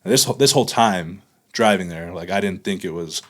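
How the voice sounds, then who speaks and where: A man with a notably low, deep voice speaks as a podcast guest in candid conversation. He tells his story in a halting way, leaning on fillers and restarting his sentences as he goes.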